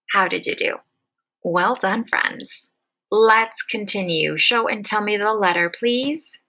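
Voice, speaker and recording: A woman kindergarten teacher leading a slow, patient phonics lesson, stretching out each letter sound clearly. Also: mid-range voice, pushed and bright, low-quality recording.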